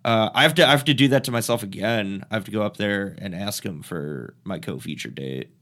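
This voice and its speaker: A man's voice: lowish voice, a little fast, fairly bright tone. Rambling self-deprecating comedian man. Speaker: comedian guest. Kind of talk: casual chat.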